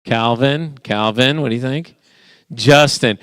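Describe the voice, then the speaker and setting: A man's voice: mid-range voice, fairly bright tone, clear, resonant tone, no room sound, clean studio sound. Playful man hosting a youth game. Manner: playful, teasing, quick back-and-forth with the group. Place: church youth room.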